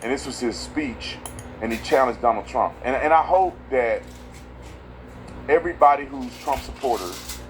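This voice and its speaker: A man hosting a casual political commentary video, talking in an emphatic, slangy way and swinging from loud outbursts to low asides. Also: animated, normal speed, slight background noise, low-quality recording.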